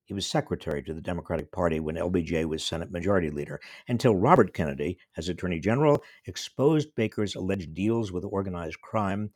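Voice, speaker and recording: A man's voice: sits low, fast talker, few pauses, a little mellow, no echo, clean studio sound. A man in his seventies from small-town New York, a professor telling a wry, reflective personal story. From small-town New York State. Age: 70s. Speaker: professor and commentator. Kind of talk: storytelling monologue.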